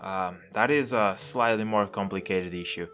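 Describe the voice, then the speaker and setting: A man doing a comedic chatbot role-play, reading the story out and answering in a deadpan, mock-casual, trolling way over faint music. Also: lowish voice, moderate pace. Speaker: YouTuber role-playing with an AI chatbot.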